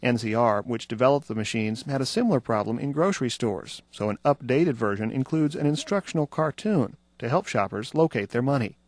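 A man's voice: medium pitch, no echo. Male radio news reporter. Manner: measured, even delivery. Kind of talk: scripted news narration.

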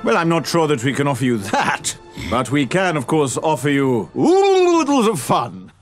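An actor playing a flamboyant, vain male showman with a grand, drawn-out delivery, in a film clip. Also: on the high side, wildly swooping pitch, soft background music. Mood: theatrical.

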